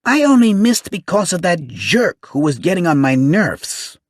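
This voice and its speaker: Shrill lisping hothead. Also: male voice, big pitch swings, takes it slowly, a bit bright, husky, dry recording, studio quality, heavily acted. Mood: indignant. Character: shrill lisping young man, hot-tempered.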